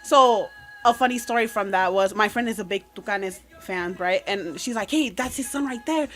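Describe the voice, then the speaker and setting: A woman's voice: mid-range voice, normal speed, a bit bright, faint music behind. A woman, a podcast guest telling long casual anecdotes with plenty of fillers. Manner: chatty, code-switching anecdotes with many fillers.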